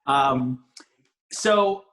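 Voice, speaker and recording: A man's voice: medium pitch, expressive, very slow, a bit bright. A man, a comedian guest, talking casually on a podcast in a rambling way with many restarts. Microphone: ring light setup, home video call.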